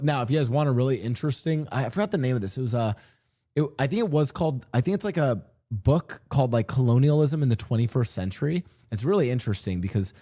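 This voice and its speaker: A man streaming and chatting casually about world politics, rambling and animated, often restarting his sentences and slipping into mock voices. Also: medium pitch. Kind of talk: casual livestream chat. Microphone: streaming desk mic.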